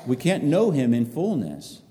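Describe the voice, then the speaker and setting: Male preacher, very dark mellow tone, echoing hall, earnest halting delivery. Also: mid-range voice, wildly swooping pitch. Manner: repetitive, halting, earnest phrasing. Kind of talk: sermon, reading and expounding scripture.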